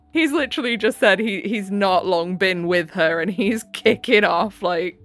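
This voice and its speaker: A woman's voice: mid-range voice, measured pace, fairly bright tone. A woman hosting a channel, casually reading online posts aloud and reacting with chatty exclamations and laughter.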